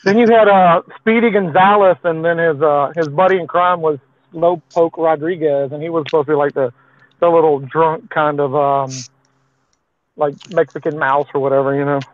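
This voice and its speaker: A man's voice: fairly high pitch, steady tone, normal speed, no room sound. A man from Texas rambling in a casual chat, with many fillers. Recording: tinny phone-like line.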